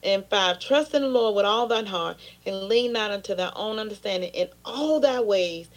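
A woman's voice: medium pitch, moderate pace. A woman pastor preaching an impassioned sermon, often turning into pleading prayer.

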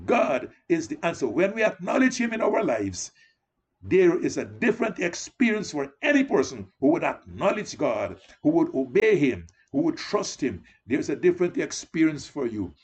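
Male preacher, high and animated, slightly husky, exhorting his flock. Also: normal speed. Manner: exhorting, repeatedly addressing listeners as beloved. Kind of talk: sermon.

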